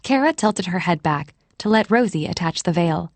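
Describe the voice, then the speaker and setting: Gentle female audiobook narrator. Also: lowish voice, lively intonation, normal speed, hardly any pauses, no room sound. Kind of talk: scripted narration.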